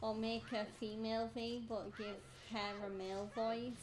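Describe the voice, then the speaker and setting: A woman's voice: fairly high pitch, flat delivery, normal speed. A woman chatting casually on a game stream, musing hesitantly with lots of fillers. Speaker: co-player on stream. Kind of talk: casual gameplay stream chat. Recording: echoey room with background noise.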